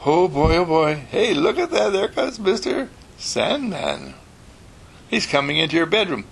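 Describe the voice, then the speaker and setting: A man telling an animated, playful bedtime story to children, often clearing his throat. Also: on the high side, moderate pace.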